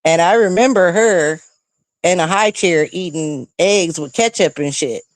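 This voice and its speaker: A middle-aged woman casually telling a story to her stream viewers in a profane, animated way, often checking in with "right?". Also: on the low side, measured pace, dry recording. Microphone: close streaming mic.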